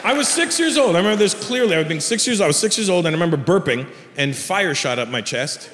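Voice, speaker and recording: A man's voice: sits high, animated, fast talker, fairly bright tone, some chatter behind, slight background noise. A man in his forties doing brash, profane stand-up storytelling to a live audience. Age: 40s. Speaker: stand-up comedian. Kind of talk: stand-up comedy set. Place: theater stage. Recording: live show in a reverberant hall. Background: audience laughter, ambience.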